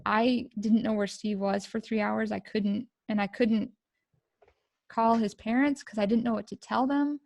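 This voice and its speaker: A middle-aged woman from the United States, a podcast guest telling a personal story in an emotional, halting way with many fillers. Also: a little high, fairly even intonation, vocal fry, darkish tone, no echo.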